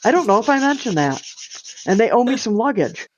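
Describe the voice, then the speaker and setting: A woman's voice: a little high, big pitch swings, brisk, dull audio. A woman guest on a gaming podcast, chatting casually in a playful, joking way. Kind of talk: casual chat.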